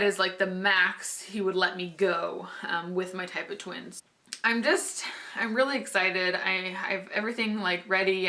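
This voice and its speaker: A woman's voice: mid-range voice, pushed and bright. A young pregnant woman chatting casually to camera in a vlog, rambling with lots of "like" and little laughs. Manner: chatty, lots of "like" and restarts, laughs while talking. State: heavily pregnant. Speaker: vlogger.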